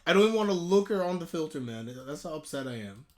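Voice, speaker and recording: A man ranting in a live anime reaction, heated and exasperated, with sudden loud outbursts. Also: a little high, expressive, fast.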